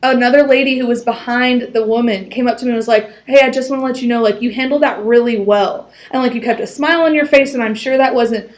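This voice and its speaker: A woman's voice: fairly high pitch, fast talker, hardly any pauses. A young woman co-hosting a casual podcast, animatedly telling a story from her job and quoting the people involved. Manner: animated storytelling with quoted dialogue. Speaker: podcast co-host. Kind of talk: casual chat.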